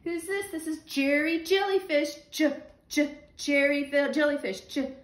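A woman teaching a phonics lesson to young children, slow and patient, repeating the letter sounds. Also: high-pitched, roomy sound.

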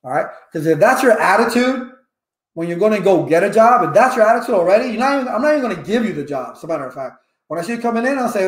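A man's voice: high-pitched, big pitch swings, quick pace, reverberant. A middle-aged man teaching networking on a casual livestream, talkative and preachy, calling out viewers by name. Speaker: network engineering instructor on a livestream. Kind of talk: casual live-stream talk.

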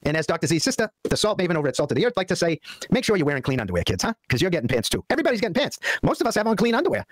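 Man putting on a fast, brash Southern podcaster. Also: sits high, big pitch swings, dry recording. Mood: ranting. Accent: put-on Southern US. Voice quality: crude, boisterous, rambling. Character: brash loudmouth male podcaster character. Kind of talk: ranting podcast monologue.

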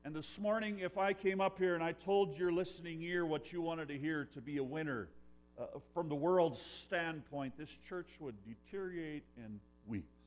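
A man preaching a sermon in a church, earnest, swinging between loud emphasis and hushed lines. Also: on the high side, normal speed. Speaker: pastor.

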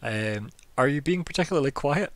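A man's voice: medium pitch, lively intonation, fairly quick, no echo. A man running a tabletop game in a mid-range, ordinary voice. He narrates loosely and chattily, with easy laughs, like he's riffing with friends. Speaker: game master.

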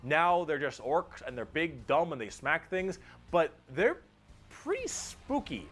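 A man narrating a comedic explainer video in an excitable, jokey manner, swearing freely. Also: a little high. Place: played from a video inside a reaction stream.

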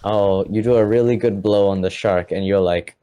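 Guy running a tabletop game, low mellow voice, lots of ums and restarts. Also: steady tone, lo-fi sound. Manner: halting, full of fillers and restarts. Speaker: game master.

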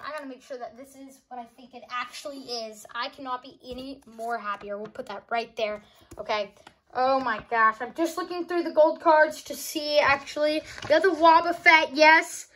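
A woman opening trading cards for a casual vlog, excitable and gasping, often calling out to her viewers, recorded on a phone. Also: high voice, normal speed. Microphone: phone on a charger.

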